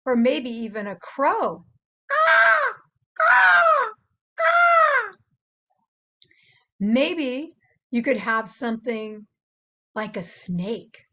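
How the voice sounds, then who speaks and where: An older woman talks gently to children, easing them into imitating animal sounds. Her voice sits high and swings widely, and she speaks at an unhurried, slow pace. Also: lively intonation. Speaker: children's presenter. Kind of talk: gentle instructional talk to children.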